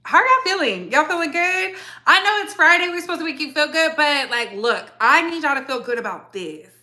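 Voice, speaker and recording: A show host with a Southern US accent talks to her viewers in a loose, slangy, strongly opinionated way. Her voice is bright and sits a bit high for a woman. She keeps an animated, chatty commentary going. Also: brisk. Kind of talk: casual commentary chat.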